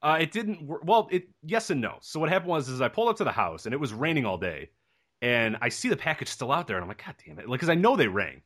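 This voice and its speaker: A man co-hosting a casual podcast, telling a story with animated delivery and laughing along the way. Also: fairly high pitch, quick pace. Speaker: podcast co-host.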